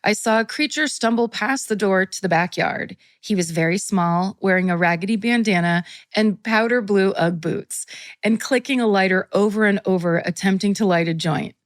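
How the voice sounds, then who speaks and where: A woman's voice: mid-range voice, moderate pace, dry recording. A woman co-hosting a podcast, reading a listener's story aloud with frequent laughter and chatty asides. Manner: laughs often while reading, animated. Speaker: podcast co-host.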